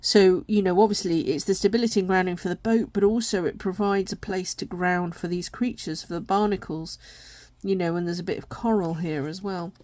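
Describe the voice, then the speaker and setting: A woman walking through an oracle deck in a gentle, rambling way, tired and yawning now and then. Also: lowish voice, fairly even intonation, brisk, no echo. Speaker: tarot and oracle deck reviewer. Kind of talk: casual deck walkthrough.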